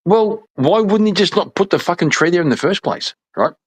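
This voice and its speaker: Animated, swearing man in a casual chat. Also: sits high, fairly quick, slightly rough. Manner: animated storyteller, laughs often, swears. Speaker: podcast panelist.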